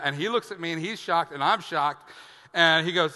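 A man preaching as a pastor, telling a funny personal story with animated, acted-out quotes before outlining scripture. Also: fairly high pitch, moderate pace. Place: church sanctuary. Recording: long church-hall reverb.

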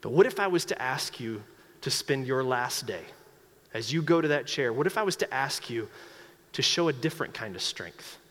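Preacher as an earnest prison priest, urgent and repetitive, in a reverberant church. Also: male voice, medium pitch, lively intonation, moderate pace, a bit bright. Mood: insistent. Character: earnest male prison priest, calm and insistent.

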